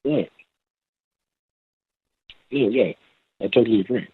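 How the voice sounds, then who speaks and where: A slightly hoarse man calling in by phone as a guest, talking hesitantly with many fillers and restarts. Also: mid-range voice, slow pace, no echo. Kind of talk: phone-in interview. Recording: tinny phone line.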